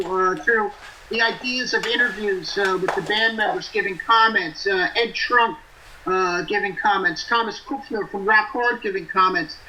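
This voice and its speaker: A man's voice: high-pitched, bright, forceful tone, poor audio. A man, a band frontman, chatting as an interview guest and talking in long run-on lists. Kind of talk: casual interview chat.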